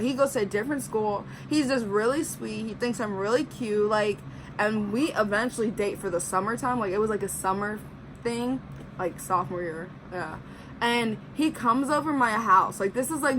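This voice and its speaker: Bright-voiced young woman telling a story. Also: a little high, slight background noise, rough recording. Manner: chatty, heavy use of "like", acts out quotes. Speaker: vlogger. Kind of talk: casual storytime.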